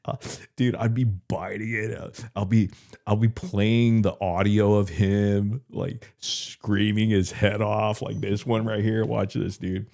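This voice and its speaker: Speaking slowly in a fairly low, creaky voice with a level, dark tone, this live stream host delivers rambling, crude commentary. He's loose and profane, cracking jokes and repeating himself.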